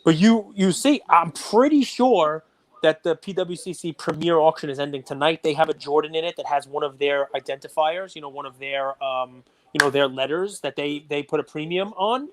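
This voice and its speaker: A man's voice: fairly high pitch, normal speed. A middle-aged man co-hosting a podcast, chatting casually and getting worked up as he rants. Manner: animated, gets worked up and ranty. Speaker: podcast co-host. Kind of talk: casual chat.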